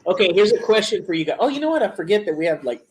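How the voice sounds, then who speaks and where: Live stream host, male, high voice, loose and chatty, greets viewers. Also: very animated, very fast. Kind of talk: casual live stream chat.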